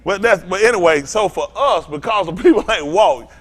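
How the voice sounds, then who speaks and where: A man's voice: sits high, expressive, normal speed. A man preaching an informal sermon, telling a story and acting out both sides of it with lots of laughter. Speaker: pastor.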